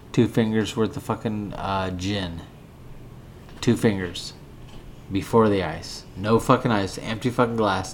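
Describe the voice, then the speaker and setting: A man's voice: fairly low pitch, slight background noise. A drunk man hosting a podcast, rambling and swearing as he bickers with a co-host. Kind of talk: casual drunken rant.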